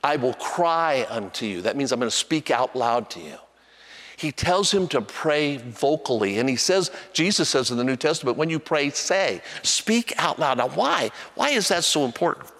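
Older male pastor preaching in a hall. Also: normal speed. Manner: storytelling, animated, voice jumps high when acting out a child. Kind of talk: sermon.

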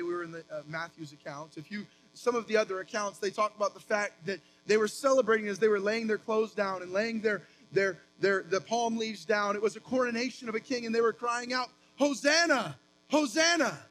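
High-voiced preaching man. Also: slight background noise, low-quality recording. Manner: animated preaching with emphatic rises and quick asides. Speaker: pastor. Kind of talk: sermon.

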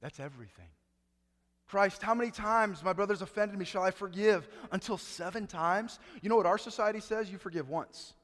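Male preacher, high voice, swings loud to hushed, church hall reverb. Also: normal speed. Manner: preaching with rising emphasis and dramatic hushed drops. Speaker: pastor. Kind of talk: sermon. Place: church sanctuary.

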